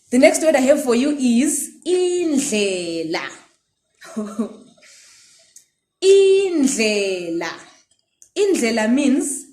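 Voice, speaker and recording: Slow, lively-voiced woman teaching. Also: a little high, echoey room. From Zimbabwe. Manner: drawn-out repetitions of sounds, friendly and encouraging. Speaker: language teacher. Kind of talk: slow, clear pronunciation lesson.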